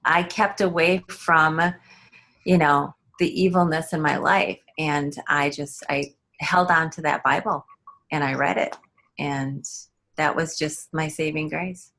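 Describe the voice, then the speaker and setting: A woman with a lowish voice tells a personal story as a guest in an interview. She speaks haltingly, pausing on ums and restarting her sentences as she goes. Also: steady tone, a bit bright, slight background noise. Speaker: guest author.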